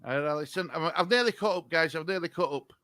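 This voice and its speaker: A man's voice: on the high side, fast talker, pushed and bright, no room sound. A man, co-hosting a casual live stream, chatty with viewers and flustered by the technology. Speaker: stream co-host.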